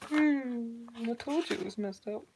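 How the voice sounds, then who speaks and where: A woman's voice: a little high, unhurried, background noise. A woman casually reading her own horror story aloud, giggling and breaking off to comment on it.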